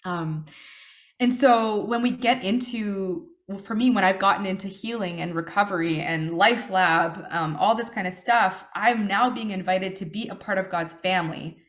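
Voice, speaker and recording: A woman's voice: medium pitch, moderate pace. Earnest woman sharing her recovery testimony. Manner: earnest and reflective, with many fillers and self-corrections. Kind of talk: personal testimony talk.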